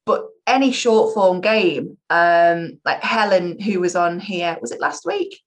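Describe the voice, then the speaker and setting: A woman's voice: on the low side, lively intonation, a little slow. A young adult woman, an improv performer, talking chattily and animatedly in a casual interview, with self-mocking humor.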